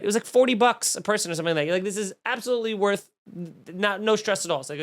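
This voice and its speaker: A man in his thirties, a comedian on his own podcast, rants through a story with mounting mock outrage. He swears freely, piles up repeated words and swings between deadpan asides and loud indignation. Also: high-pitched, racing.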